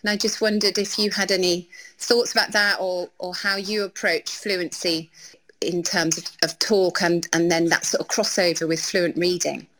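A woman's voice: on the low side, flat delivery, normal speed, a bit bright, low-quality recording. A woman hosting an education podcast, chatty and enthusiastic, often ending points with tag questions. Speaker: podcast host. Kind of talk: conversational podcast interview.

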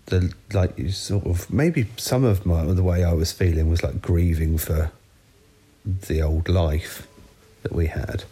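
A man talking candidly and reflectively in a casual conversation, often halting mid-thought. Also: sits low, warm tone.

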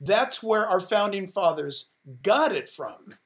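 A man's voice: sits high, expressive, slow pace. A man, a pastor guest on a talk show, speaking in a fervent, preachy way and exhorting his listeners directly. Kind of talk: forceful talk-show interview.

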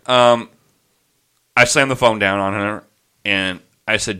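A man telling an angry customer-service story in casual chat, animated and profane. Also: lowish voice, unhurried. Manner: animated ranting with profanity, quoting people in his voice. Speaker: podcast host telling a story.

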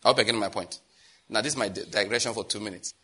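A man with a Nigerian accent preaching a sermon as pastor, in a lively, chatty style with asides to the congregation. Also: on the low side, fast talker, breathy edge. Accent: Nigerian English. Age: adult, married.

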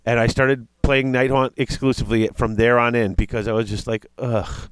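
A man in casual chat, reading tabletop game rules aloud and reacting with excitement. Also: mid-range voice, a little fast, smooth, no echo. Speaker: tabletop wargame player discussing rules.

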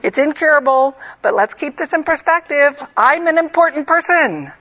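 A woman's voice: high voice, animated, normal speed, a bit bright, muffled recording, voice pushed up. A woman playing a proud, indignant male commander. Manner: indignant, self-important.

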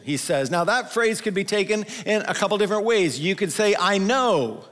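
A pastor delivers a sermon in a relaxed, conversational manner, his voice pitched slightly higher than most men's. When he quotes scripture he slows down sharply for emphasis, and the long reverb of a big sanctuary hangs on every word.

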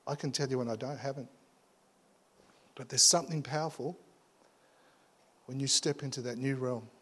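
A man's voice: mid-range voice, steady tone, moderate pace, a bit bright, husky. A man preaching in church as a pastor, telling a story with lots of stammers and restarts. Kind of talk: sermon.

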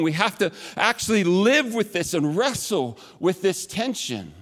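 High-voiced man preaching in reverberant hall. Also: very animated, measured pace, hardly any pauses, a bit bright. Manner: chatty, with self-mocking asides. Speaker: pastor. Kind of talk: conversational sermon.

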